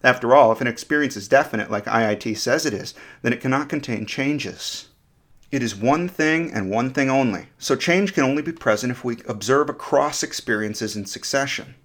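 A man hosts a podcast with a scripted, reflective explanation, frequently turning to ask the listener questions. His voice is medium in pitch, fairly bright and moderately paced.

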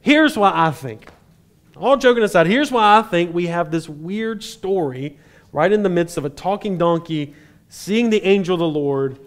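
A man preaching a sermon, retelling a scripture story in a conversational way with dry humor and quick asides. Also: sits high, animated.

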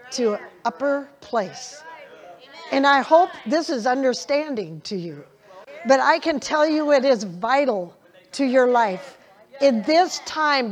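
An older woman preaches slowly, taking her time over each phrase. Her voice sits a little high for a woman, and she keeps breaking into small chuckles. She drives scripture lines home by saying them again and again. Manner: folksy, laughing, repeats scripture emphatically. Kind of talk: sermon.

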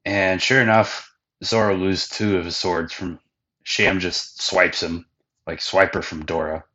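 A man hosts a casual anime recap in a loose, slangy way, full of "like" and offhand swearing. His voice is low and the recording is dull and lo-fi. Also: steady tone, measured pace, sharp tone. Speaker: podcast host recapping anime.

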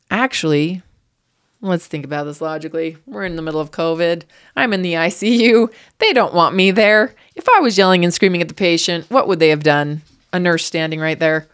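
A woman's voice: fairly low pitch, clear, resonant tone. A woman guest telling a painful personal story in an interview, raw and grieving, her voice surging up when upset. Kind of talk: emotional interview.

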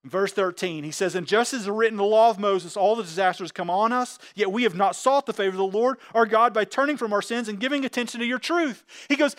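Man, pastor, sermon, high voice, fervent, dry close recording. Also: brisk, few pauses, fairly bright tone, no room sound. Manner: fervent, paraphrases scripture in plain talk.

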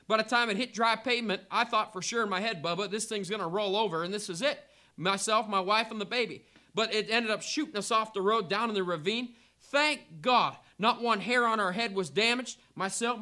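A man's voice: extremely high pitch, bright, forceful tone. A pastor preaching a fervent sermon, a man building emphatic repeated lines.

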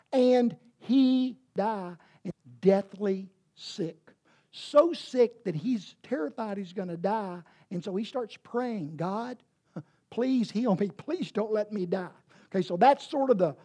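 A woman preaching a sermon, retelling a scripture story and paraphrasing it in emphatic, lively bursts. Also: a little high.

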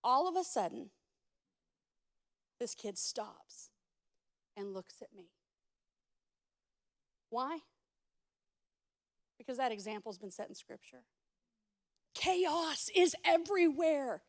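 A woman pastor preaching a sermon, swinging between loud urgent passages and soft hushed speech, with direct asides to the congregation. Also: sits high, animated, slow, pauses often.

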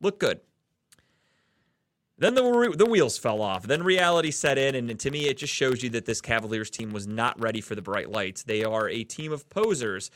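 A man from the Cleveland area rants about sports on a casual podcast, swearing freely as he vents his anger. His voice sits at a middle pitch. The recording is close and dry, with no room sound. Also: lively intonation, normal speed, fairly bright tone, dry recording. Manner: profane, heated ranting. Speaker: podcast host.

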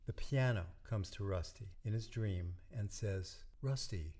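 An older man with a low, mellow voice, a guest in an interview. He talks in a relaxed, storytelling way and lets his sentences trail off softly. He sounds like he is casually reminiscing. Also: a little slow. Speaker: guest, musician and dentist.

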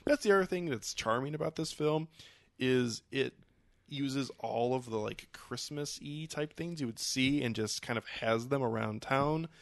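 A man chatting on a podcast, animated and quick to laugh, swearing freely as he picks apart a movie. His voice sits at a middle pitch. The sound is dry and close. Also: gravelly, no echo. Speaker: podcast film reviewer. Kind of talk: casual chat.

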